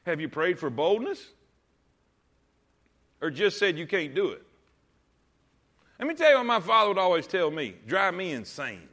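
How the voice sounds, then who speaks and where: A male pastor preaching in church, with a high voice that swings widely in pitch. His tone is bright and ringing, and he drives his points with rhetorical questions and calls for the congregation to read along. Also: big pitch swings, moderate pace, long pauses. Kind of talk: sermon. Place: church service.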